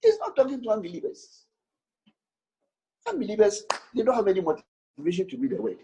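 A pastor preaching with great animation, his pitch swinging widely from low murmurs to high calls. He mixes English with Twi and breaks into sudden shouts and responses. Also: huge pitch swings, fairly quick, lo-fi sound. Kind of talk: sermon mixing English and Twi.

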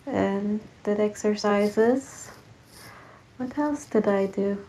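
A woman's voice: medium pitch, slow pace, mellow, a little hiss or hum, rough recording. A woman co-hosting a podcast in casual chat, upbeat and chatty with frequent fillers. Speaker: podcast co-host.

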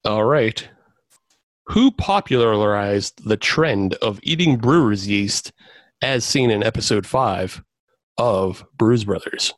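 A man's voice: fairly low pitch, expressive, slow, dry recording. A man hosting a casual trivia game among friends, announcing the rules and giving rulings while laughing at the players. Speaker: quiz host.

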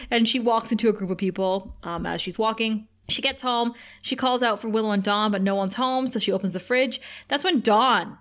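A woman co-hosting a casual podcast, retelling scenes with lively quoted lines. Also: fairly high pitch, brisk, hardly any pauses. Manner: animated retelling, quoting characters in put-on voices. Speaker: podcast co-host. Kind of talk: casual recap chat.

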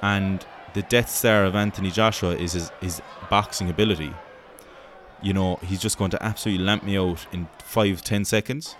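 An Irish man with a very low voice runs his show like a sports pundit. He rambles and jokes, swearing freely. The delivery is loose, casual banter. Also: steady tone, moderate pace, a bit bright, a little hiss or hum. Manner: profane, joking, rambling banter. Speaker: host. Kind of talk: mock sports commentary.

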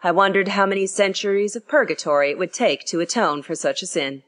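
A woman narrating a classic story in an expressive reading style. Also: on the low side, brisk, hardly any pauses. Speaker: audiobook reader.

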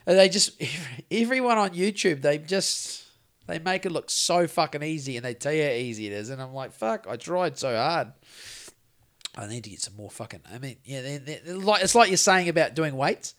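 A man's voice: fairly high pitch, a little fast. A man with a New Zealand accent, co-hosting a podcast and telling rambling, sweary stories in casual chat. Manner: sweary, rambling, animated storytelling. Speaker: podcast co-host.

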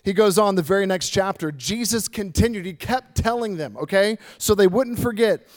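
Pastor, male, fairly high voice, chatty and lively sermon delivery, talking the congregation through scripture. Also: normal speed. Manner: conversational, animated, reads and explains scripture.

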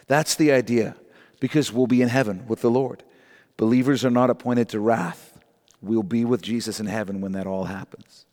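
A middle-aged man preaching a sermon, emphatic and rising in pitch on key points, slowing down to read scripture aloud. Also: fairly even intonation, darkish tone. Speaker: pastor. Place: church sanctuary. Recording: long hall reverb.

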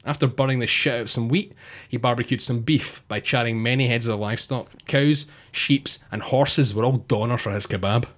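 A man telling a crude, jokey comic story with deadpan asides. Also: mid-range voice, moderate pace. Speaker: podcast co-host telling a monster story.

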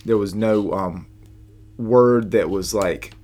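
A Southern man in his thirties with a fairly low voice talks casually on a podcast. He muses and rambles in a relaxed, thoughtful way. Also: slow, faint music behind. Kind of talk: casual chat.

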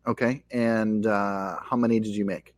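Lower-voiced man asking halting questions. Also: steady tone, dry recording, studio quality. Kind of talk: casual chat.

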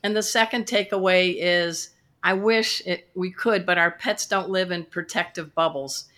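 A woman pet care expert talks as a podcast guest. Her voice is bright and forward. She teaches playfully and likes to use rhymes. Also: lowish voice, fairly even intonation, moderate pace. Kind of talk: podcast interview.

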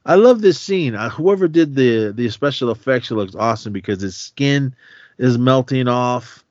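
A man's voice: medium pitch, animated, moderate pace, a little mellow, no echo. Rambling man recapping a movie. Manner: rambling, restarts sentences, laughs often, acts out quotes. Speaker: podcast co-host. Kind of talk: casual movie recap chat. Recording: slightly dull dry podcast audio.

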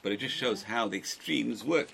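An older man teaching a religious class, lecturing a small group in an animated way with restarts and asides. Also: mid-range voice, moderate pace, vocal fry, a little hiss or hum.

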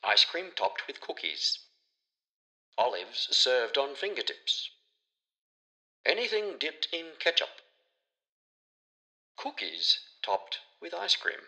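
A man reading a children's picture book aloud in an expressive, playful storytelling manner. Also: mid-range voice, slow pace, long pauses. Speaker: storybook reader.

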